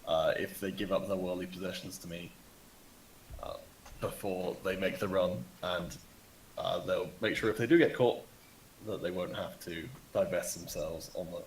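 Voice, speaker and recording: A man's voice: low-pitched, low-quality recording. A man playing a tabletop game, jokey and self-mocking as he talks through his turns. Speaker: player.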